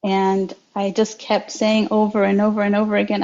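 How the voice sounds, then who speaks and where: In a slightly dull, lo-fi recording, a young adult woman gives personal testimony as an interview guest, telling her life story slowly and reflectively. She often restarts sentences, and her mellow voice stays fairly level, coming across as monotone.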